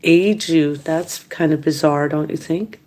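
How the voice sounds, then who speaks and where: Slow-talking woman rambling late at night. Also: sits low. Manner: rambling, complaining, animated when quoting others. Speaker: mukbang vlogger. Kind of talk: casual late-night monologue. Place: indoors at home.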